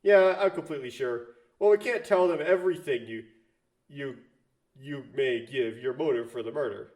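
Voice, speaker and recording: A man's voice: medium pitch, moderate pace, darkish tone, lightly acted. A man voicing a composed male schemer who speaks in formal, reassuring phrases. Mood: assured. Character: composed male mastermind ally, formal and assured.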